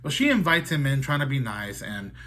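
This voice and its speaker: A man's voice: mid-range voice, very animated, fairly quick, fairly bright tone. A man recapping a horror film in casual, rambling talk, swearing often and leaning on fillers like "like" and "dude". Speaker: horror movie reviewer.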